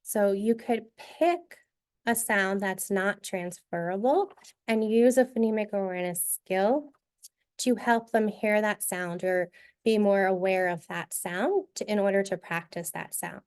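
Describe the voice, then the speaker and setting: Woman, presenter, clear step-by-step teacher voice, mid pitch. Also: measured pace, a little mellow. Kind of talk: teacher modeling a classroom literacy activity.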